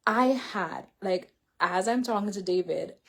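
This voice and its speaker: A woman's voice: mid-range voice, a little slow, creaky, slightly rough. A woman seated indoors, talking to a camera in a rambling, casual way, full of filler words and self-corrections as she shares a personal faith story. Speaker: vlogger sharing a faith and healing story. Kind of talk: casual spoken testimony.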